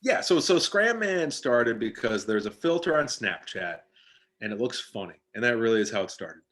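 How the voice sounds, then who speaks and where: A man from Scranton, Pennsylvania, appears as a guest in a casual interview chat over a video call. His voice sits at a medium pitch and moves at a moderate pace. He rambles in an animated way, often restarting his sentences.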